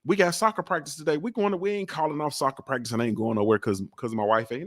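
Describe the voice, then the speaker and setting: A man's voice: on the high side, fast, hardly any pauses, fairly bright tone, no echo. Brief: man, forties, host at home, loose joking slang, dry close sound. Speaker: podcast host. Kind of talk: casual chat. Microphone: desk mic.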